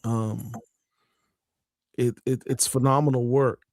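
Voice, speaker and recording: A man's voice: mid-range voice, flat delivery, takes it slowly, darkish tone, no echo, studio quality. A male podcast co-host in casual chat, speaking earnestly and building with feeling.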